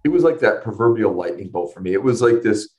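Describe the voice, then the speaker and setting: Middle-aged guy telling his story, kinda low voice, earnest, stops and restarts a lot. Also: animated, fast talker, darkish tone, low-quality recording. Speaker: interview guest. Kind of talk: personal testimony in conversation.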